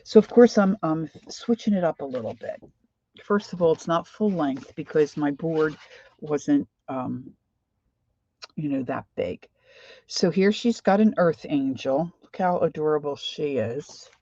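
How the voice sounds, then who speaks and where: A woman's voice: low voice, expressive, measured pace, mellow, highs cut off. An older woman with a Philadelphia accent, chatting casually on a craft livestream and greeting viewers by name. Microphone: desk microphone.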